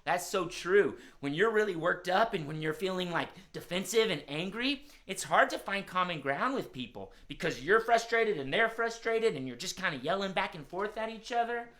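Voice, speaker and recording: A man's voice: high voice, lively intonation, moderate pace, hardly any pauses, fairly bright tone. Cheerful man hosting kids' show. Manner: cheerful, talks straight to young viewers. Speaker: children's musician and host. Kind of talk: live-streamed kids' show chat.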